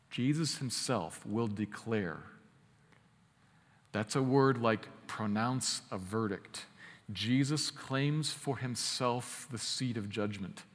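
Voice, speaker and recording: Preaching man in an echoing hall. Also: mid-range voice. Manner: emphatic, with slow stressed phrases and quick asides. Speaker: pastor. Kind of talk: sermon.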